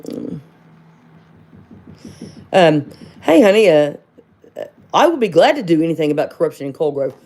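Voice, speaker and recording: A woman's voice: low-pitched, very animated, normal speed, pauses often, mellow. A middle-aged woman talks straight to her viewers on a livestream, casual and rambling, with lots of fillers. She calls people honey and gets fired up, piling on rhetorical questions. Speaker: livestream host.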